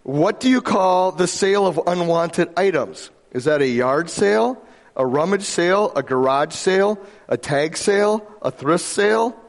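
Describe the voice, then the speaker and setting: Chatty pastor from Michigan, reverberant hall. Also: male voice, sits high, expressive, measured pace. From Michigan, USA. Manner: conversational, jokey, asks the audience questions. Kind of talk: sermon. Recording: long reverb of a large hall.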